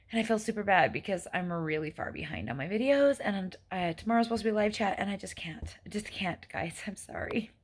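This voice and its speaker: A woman in her forties chatting casually in a diet vlog, rambling as she lists out her meals. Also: medium pitch. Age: 40s. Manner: chatty, rambling, counts out food amounts. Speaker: vlogger.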